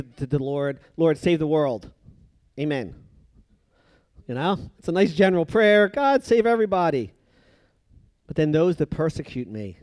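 A man preaching a sermon, moving between loud emphatic passages and hushed, drawn-out phrases. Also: medium pitch, no room sound.

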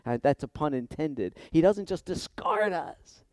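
Impassioned high-voiced male preacher. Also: lively intonation, unhurried, no echo. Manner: impassioned, swinging from hushed to loud and emphatic; repeats words when stirred. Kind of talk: sermon.

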